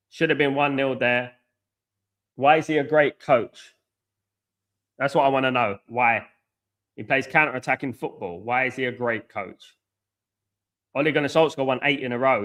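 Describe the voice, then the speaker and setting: Middle-aged male stream host, bright and forceful, blunt and argumentative with his chat. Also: mid-range voice. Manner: blunt, argumentative, reads out and scolds chat viewers. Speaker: host of a live football watchalong stream. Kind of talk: live match reaction and chat banter.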